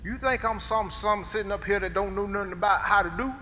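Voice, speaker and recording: A man's voice: high voice, fast, bright, forceful tone, slight background noise. A man playing a patient, plain-spoken older chauffeur on stage. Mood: indignant. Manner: plain-spoken, dialect speech, firm and coaxing. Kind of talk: live stage play. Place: theater stage. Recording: stage play in a reverberant auditorium.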